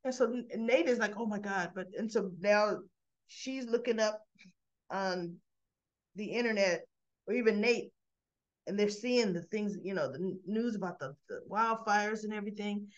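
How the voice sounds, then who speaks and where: A woman host chatting casually, retelling a story in an animated way with asides, with dull lo-fi sound. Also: mid-range voice, normal speed. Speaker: channel host recapping a soap opera.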